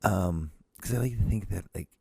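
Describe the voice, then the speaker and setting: A man with a low, gravelly voice hosts his own show and rambles through a casual solo monologue, cursing freely and restarting sentences often. His tone is dark and mellow, recorded dry and close with no room sound. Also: moderate pace, dry recording. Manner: rambling, profane, many restarts. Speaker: podcast host.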